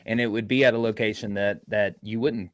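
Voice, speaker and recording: A man and paranormal investigator telling a story on a podcast with animated energy, acting out the quoted lines as he goes. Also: fairly low pitch, a little fast, no room sound, studio quality.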